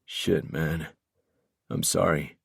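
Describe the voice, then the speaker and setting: A guilt-ridden young sniper speaks in a hushed, apologetic way, as a male narrator voices him. His voice sits low and deep. The recording is close and dry. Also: steady tone, normal speed, dry recording, natural voice. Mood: remorseful.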